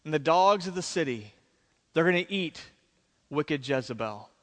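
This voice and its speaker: Preaching at normal speed, a pastor tells the story of his sermon with animated energy, his voice pitched high. Each phrase echoes and trails away through the big sanctuary's long reverb.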